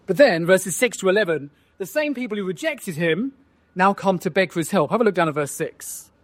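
A man delivering a sermon in a voice that sits high for a man. He walks his listeners through the text verse by verse, often ending points with rhetorical questions. He speaks as a preacher addressing his congregation. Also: animated, a little fast.

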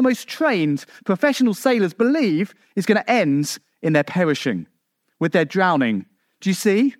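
A man from England preaching a sermon in a conversational way, with rhetorical questions and asides, building to emphatic peaks and then dropping low. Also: very animated, moderate pace, no echo, studio quality.

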